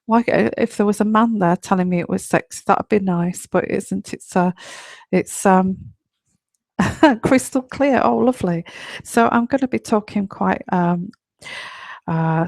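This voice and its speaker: A woman hosting a live online radio show as a tarot reader, talking in a quiet, whispery voice at home late at night, chatty and rambling with many fillers. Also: on the low side, measured pace, vocal fry, no echo.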